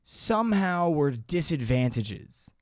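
A man's voice: on the high side, sing-song, slow pace, dry recording, studio quality. A man co-hosting a podcast, chatting casually, swearing freely and retelling stories. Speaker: podcast co-host. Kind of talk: casual chat.

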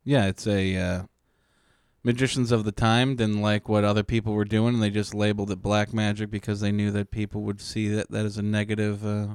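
A man's voice: fairly low pitch, level tone, a little fast, darkish tone, smooth, no echo, clean studio sound. A man co-hosting a podcast in casual chat, making laid-back jokes. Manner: joking, laid-back quips. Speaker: podcast co-host.

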